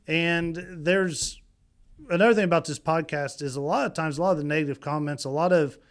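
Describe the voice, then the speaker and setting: A man co-hosting a casual podcast chat, speaking with a slightly higher pitch than most men. He is blunt and teasing and often breaks off to restart his sentences. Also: a little fast. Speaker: podcast co-host.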